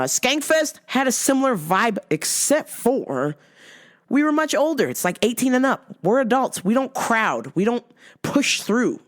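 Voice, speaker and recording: Animated, profane woman telling stories. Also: fairly low pitch. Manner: profane, laughs often, tells stories animatedly. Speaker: host. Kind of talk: casual chat.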